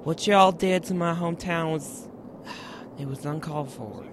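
A woman's voice: sits low, a little slow. A woman playing an earnest, hesitant storm victim scolding the hurricane. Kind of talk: improvised sketch comedy. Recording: noisy outdoor recording.

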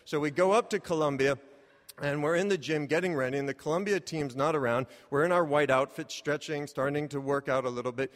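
A man telling a comic personal story, animated and self-mocking, breaking into loud exclamations. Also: fairly high pitch, fairly quick. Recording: reverberant hall.

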